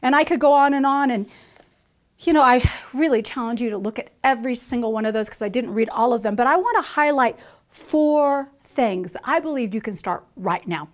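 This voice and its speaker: A woman preaching a sermon, emphatic and repetitive, who slows down to stress scripture lines. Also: a little high, expressive. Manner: emphatic, repeats key phrases, acts out quoted voices. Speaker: mother. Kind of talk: conference sermon.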